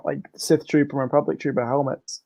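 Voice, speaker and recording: A man co-hosting a casual group stream, excitable, often stammering and restarting. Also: medium pitch, fairly quick. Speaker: stream co-host.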